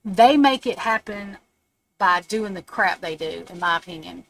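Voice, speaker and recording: A woman's voice: medium pitch, lively intonation, unhurried, gravelly, fairly bright tone, a little hiss or hum. A woman giving a casual, rambling tarot reading on a live stream from her home. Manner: chatty, rambling, laughs at her own remarks. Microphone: streaming setup.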